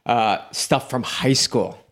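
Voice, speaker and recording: A man's voice: mid-range voice, slow pace, a bit bright. A man who is a guest on a podcast, telling his story in an earnest, reflective way during a casual conversation.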